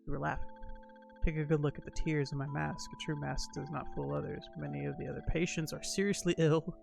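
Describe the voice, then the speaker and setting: An eerie masked nurse who laughs while insisting she is crying, as a man reads her lines. Her voice is gravelly and a touch high, read without much change from the reader's own voice. It sounds like a line from a strange story game. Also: brisk, music in the background.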